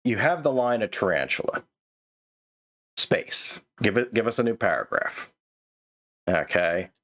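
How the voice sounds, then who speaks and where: A man's voice: fairly low pitch, fairly bright tone. Stammering man critiquing writing. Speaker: host reviewing a manuscript. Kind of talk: casual commentary.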